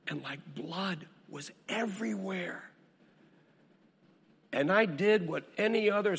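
A male minister preaching a sermon, swinging from hushed storytelling to booming emphasis with a repetitive cadence. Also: vocal fry, husky, long reverb tail.

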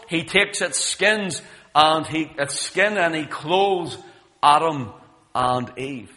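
Male preacher, high bright voice, emphatic storyteller, long hall reverb. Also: slow pace. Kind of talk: sermon.

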